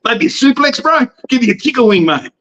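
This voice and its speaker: Cocky high-voiced Australian promoter man. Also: very animated, brisk, highs cut off. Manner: calls everyone mate, loud and cocky. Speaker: wrestling promoter guest. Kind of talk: brash boastful banter.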